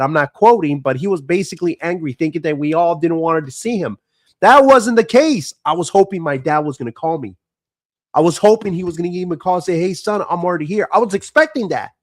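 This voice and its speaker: A man livestreaming a raw, swearing-heavy account of his family, talking frankly and venting as he goes. His voice sits a little high for a man, and the sound is close and dry with no room around it. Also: no room sound. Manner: frank, profane, emotional venting. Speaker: streamer. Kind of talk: casual personal storytelling.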